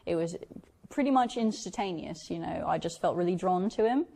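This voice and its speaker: A woman's voice: fairly low pitch, darkish tone, poor audio. A woman being interviewed for a documentary, speaking earnestly and hesitantly with frequent fillers.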